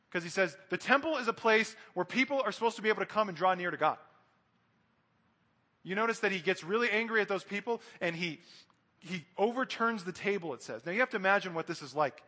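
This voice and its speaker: A man's voice: high voice, pushed and bright, in a large hall. A man preaching a sermon, speaking earnestly and directly to his congregation.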